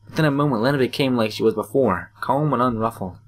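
A man hosting a let's play, reading a visual novel's narration aloud in a brisk, plain storytelling read. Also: medium pitch.

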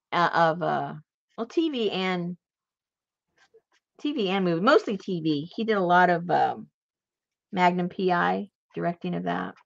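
A woman who crafts and hosts a channel tells a long personal story in casual chat, rambling, animated and laughing as she goes. Her voice is lowish and gravelly, and the dry recording has its highs cut off.

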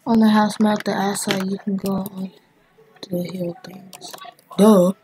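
A woman giving casual, excitable commentary as she plays a video game, chatting and thinking aloud as she goes. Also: mid-range voice, unhurried, noisy background. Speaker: gaming channel host.

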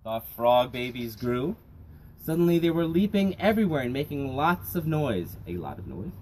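A middle-aged man hosting a library story time, reading a picture book aloud to children in an animated, sing-song way. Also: mid-range voice, normal speed, slight background noise.

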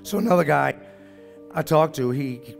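A middle-aged man from the New Orleans area of Louisiana speaks at a business summit with a New Orleans accent, his voice fairly high and creaky at a normal pace. He tells a folksy story and acts out the dialogue, with faint music in the background.

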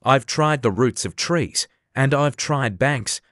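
A man's voice: animated, takes it slowly, fairly bright tone, no echo, clean studio sound. A man voicing an anxious, contemptuous mother pigeon that shrieks accusations. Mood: shrill, suspicious. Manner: shrill, accusing, sobbing complaint.

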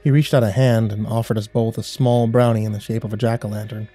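A man narrating a horror story in a measured, somber storytelling voice. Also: on the low side, fairly even intonation. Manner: measured, somber storytelling with quiet dialogue reads. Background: faint music.

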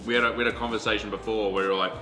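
A man's voice: fairly low pitch, little pitch movement, racing. A man hosting a casual wine livestream chat, reading out viewer comments as he goes. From Australia. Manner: chatty, reads out viewer comments. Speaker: podcast host. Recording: echoey room with faint music.

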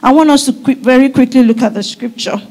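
A middle-aged woman pastor preaching a sermon at a church service, fervent and often breaking into shouts. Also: high voice, fast.

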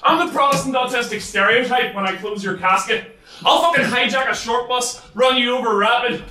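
A man with a Northern Irish accent, performing battle rap and shouting taunting lines with bursts of laughter. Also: very high-pitched, brisk. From Northern Ireland. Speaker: battle rapper. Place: large hall with a live crowd. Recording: echoey hall, distant mic, loud crowd.

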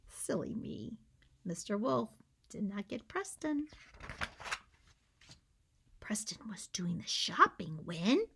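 A woman teacher reading a picture book aloud to children, animated, coaxing them to join in and dipping into whispers for suspense. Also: high-pitched. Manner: coaxes listeners to join in.

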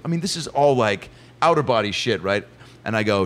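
A male comedian telling a story as a guest in a casual chat, excitable and self-mocking. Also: fairly low pitch, fairly quick.

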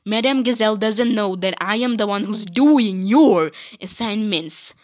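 A woman's voice: medium pitch, measured pace, a little mellow. A woman hosting a toy doll role-play, chatty and dramatic as she switches between characters. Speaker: channel host voicing dolls.

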